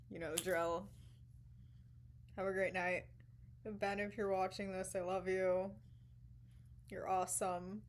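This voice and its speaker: A young woman vlogger casually telling a dramatic personal story, animated, swearing now and then and dropping into sudden whispers. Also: mid-range voice, a little hiss or hum.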